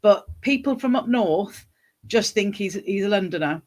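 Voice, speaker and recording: A woman from the West Midlands with a faint Wolverhampton accent, chatting as a guest, talkative and quick to agree. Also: mid-range voice, animated, darkish tone. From West Midlands, England. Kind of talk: casual chat.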